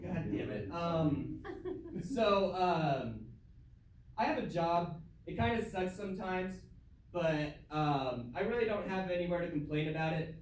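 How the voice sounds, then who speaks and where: A man's voice: a little high, expressive, measured pace. A young man performing a casual, self-deprecating stand-up comedy set in a comedy club, laughing at his own jokes. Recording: echoey room heard from far off.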